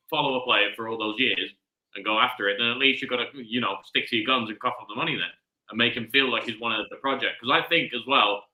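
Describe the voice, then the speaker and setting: A man's voice: mid-range voice, sharp tone. A man in a casual live-stream chat, rambling and searching for words. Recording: echoey room.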